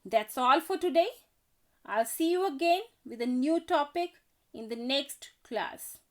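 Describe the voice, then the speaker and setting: A woman teaching an English grammar lesson, reading out example sentences in a careful, deliberate way. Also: high-pitched, lively intonation. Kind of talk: slow scripted grammar lesson.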